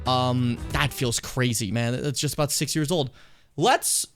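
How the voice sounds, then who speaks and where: A man's voice: mid-range voice, fairly even intonation, a little slow, faint music behind. A young adult man streaming, reacting to his old videos in a rambling, profane, self-mocking way.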